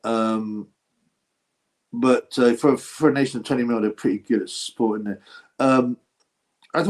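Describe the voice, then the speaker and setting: A man hosting a casual livestream, thinking out loud as he talks. His pitch sits right in the middle range for a man. He drifts from point to point, breaks off mid-sentence and turns to greet viewers in the chat. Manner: meandering, gossipy, asks himself questions and restarts often. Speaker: boxing channel host. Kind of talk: rambling livestream chat, answering viewer comments.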